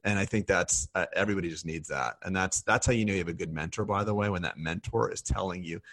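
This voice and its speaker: Deep gravelly blunt man in his forties. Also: fast talker, hardly any pauses, fairly bright tone. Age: 40s. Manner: blunt, profane and reflective. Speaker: podcast co-host. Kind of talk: candid podcast conversation.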